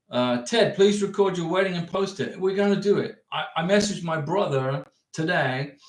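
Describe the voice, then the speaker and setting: The clip features an American man with a high voice, recorded in an echoey room while hosting a livestream about visas. He chats casually, replies to viewers' comments, and keeps circling back to his points emphatically.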